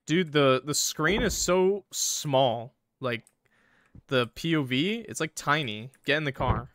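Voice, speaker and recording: A man playing a horror game and commenting as he goes, joking, excitable and swearing now and then. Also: a little high, slow pace, slight background noise. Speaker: gaming youtuber.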